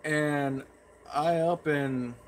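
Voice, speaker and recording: A man's voice: fairly high pitch, steady tone, extremely slow, a little hiss or hum. A man chatting in a folksy, rambling way as a pipe tobacco vlogger. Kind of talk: casual rambling vlog.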